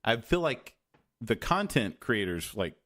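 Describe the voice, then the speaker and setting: A man hosting a podcast in casual chat, rambling and halting with lots of fillers and restarts. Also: medium pitch, big pitch swings, a bit bright. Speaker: podcast host.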